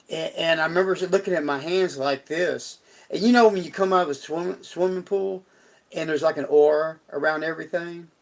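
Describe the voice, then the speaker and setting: A man's voice: fairly high pitch, creaky. A middle-aged man on a live stream, telling a personal story in a folksy, rambling way with frequent restarts.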